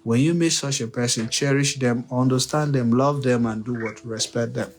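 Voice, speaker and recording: A man's voice: medium pitch, moderate pace, faint music behind. A man hosting a livestream, giving relationship advice in an unscripted monologue. He repeats his points, asks his own rhetorical questions and speaks straight to his listeners. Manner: preachy, repetitive, uses rhetorical questions; addresses listeners directly and emphatically.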